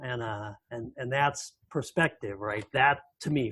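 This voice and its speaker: A man in recovery telling a personal story as a podcast guest, lively and full of restarts and repeated words. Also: lowish voice, normal speed, no room sound.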